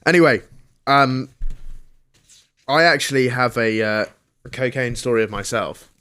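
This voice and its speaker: A man's voice: medium pitch, a little slow, pushed and bright, smooth, no room sound. A man co-hosting a comedy podcast, telling stories in a jokey way and acting out the people in them. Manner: jokey storytelling, acts out quoted voices. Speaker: podcast co-host. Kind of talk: comedic casual chat.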